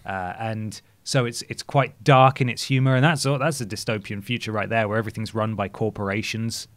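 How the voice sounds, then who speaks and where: A man's voice: fairly low pitch, fairly even intonation, fairly quick. A man co-hosting a gaming podcast in casual chat, talking enthusiastically and rambling a little. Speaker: podcast co-host.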